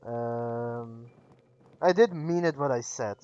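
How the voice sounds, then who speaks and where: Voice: medium pitch, takes it slowly, darkish tone, clear, resonant tone, highs cut off, faint music behind. Chatty Flemish-accented streamer. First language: Dutch. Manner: chatty, rambling, answers chat directly. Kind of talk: casual livestream chat with viewers.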